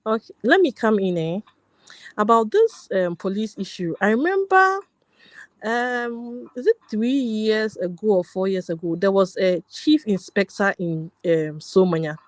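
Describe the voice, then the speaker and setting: A woman's voice: mid-range voice, animated, a little slow, dry recording. A woman, a teacher joining a panel discussion, stepping in politely to share a memory.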